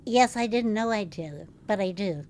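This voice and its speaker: An older actress with a distinctive, recognizable voice, telling stories as a podcast guest with frequent laughter. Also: female voice, mid-range voice, moderate pace. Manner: lively, laughs often while telling stories. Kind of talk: casual interview storytelling.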